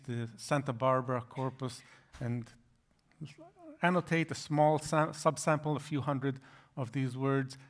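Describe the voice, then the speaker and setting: A man giving an academic lecture, explaining slides in a halting way with frequent restarts. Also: medium pitch.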